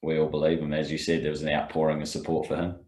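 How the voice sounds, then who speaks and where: A man co-hosting a podcast, calmly explaining rules step by step. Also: a bass voice, very fast, slight background noise. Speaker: podcast co-host and rules expert. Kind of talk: casual podcast chat, explaining. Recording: roomy echo.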